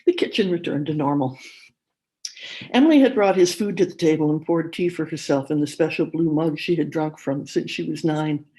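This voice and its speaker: A woman speaking at a conference, reading a literary story aloud in a measured narrating manner. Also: deep voice, dark tone, poor audio.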